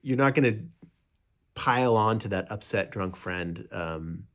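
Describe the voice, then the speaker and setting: A man's voice: on the low side, animated, unhurried, a bit bright. A young man teaching meditation in a casual, rambling way, with many fillers and restarts, sometimes acting out what a friend might say.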